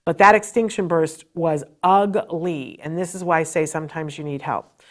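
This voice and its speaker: A woman's voice: sits low, steady tone, moderate pace. A middle-aged woman speaks as a podcast host, sharing a personal parenting story. Her delivery is earnest and emotional, conversational with fillers and restarts. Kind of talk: personal storytelling advice talk.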